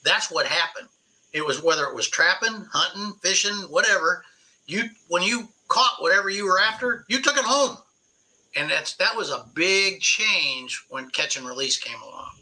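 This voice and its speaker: A man in his sixties with a very bright, forceful voice, pitched a little high for a man. He tells stories in a spirited, emphatic way as a guest in a casual interview. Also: normal speed, low-quality recording. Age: 60s. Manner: animated storyteller, spirited and emphatic. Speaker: podcast guest, veteran angler.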